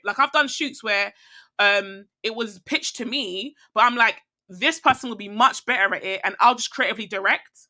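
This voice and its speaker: The voice is a woman's, a little high, bright and forceful, moving at a moderate pace. As a guest on a podcast she rambles reflectively in casual conversation, restarting often and using plenty of fillers.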